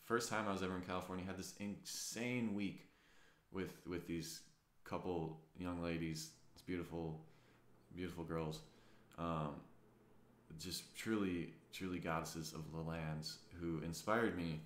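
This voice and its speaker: A man's voice: deep voice, steady tone, measured pace. A man in his twenties telling a personal story in a meandering, earnest way, full of fillers and casual swearing. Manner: earnest and reflective. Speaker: vlogger. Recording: roomy echo.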